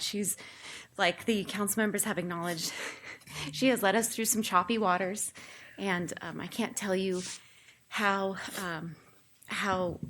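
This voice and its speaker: A woman's voice: mid-range voice, a little hiss or hum. A woman who is an assistant city manager, giving an earnest, grateful tribute at a city council meeting. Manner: earnest, grateful, with some fillers.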